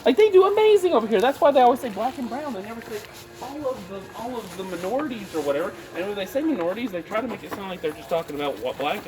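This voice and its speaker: A man's voice: high voice, big pitch swings, racing. A man ranting and mocking in a comic vlog while shopping in a store. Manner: ranting, mocking, jumps into impressions. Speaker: vlogger. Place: store aisle. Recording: noisy store background.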